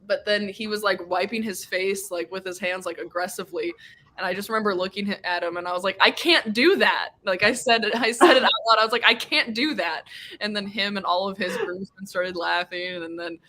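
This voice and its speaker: Bright, giggly young woman chatting. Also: mid-range voice, steady tone, a little fast. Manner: giggly, rambling storyteller with many fillers. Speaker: streamer hosting a reading sprint. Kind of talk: casual chat with friends.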